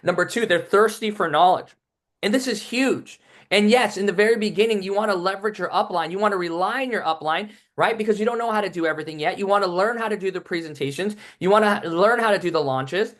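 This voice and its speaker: A high-voiced man gives a motivational training to his team. He talks with steady energy and keeps checking in with "right?". His delivery is that of a seasoned team trainer. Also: fast.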